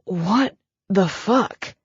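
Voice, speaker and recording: Woman doing a tough dry-humored guy, low wheezy grumble, muffled dry audiobook. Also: big pitch swings, unhurried, darkish tone, breathy edge, dry recording, full character voice. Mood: pained. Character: wry, tough grown man in pain.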